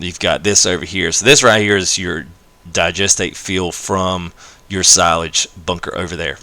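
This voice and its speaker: A man live-streaming a farming game, explaining casually with many fillers and greeting chat, his voice a little hoarse. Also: low voice, dry recording. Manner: rambling, many fillers, friendly shout-outs to chat. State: slightly hoarse.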